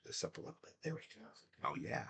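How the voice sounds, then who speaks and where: A man's voice: quick pace, sharp tone. A man giving casual live play-by-play and reaction commentary on a basketball game, rambling and saying "like" a lot. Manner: casual, rambling, heavy use of "like".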